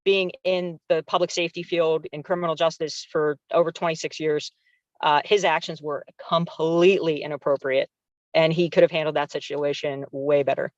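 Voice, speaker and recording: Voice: medium pitch, flat delivery, moderate pace, no echo. 40s retired cop telling a story, casual with lots of fillers, muffled lo-fi line, dry sound. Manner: conversational, acts out quoted dialogue, many fillers. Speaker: public commenter, retired police officer. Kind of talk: recounting an incident at a public meeting. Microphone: video call. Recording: dull dry video-call audio.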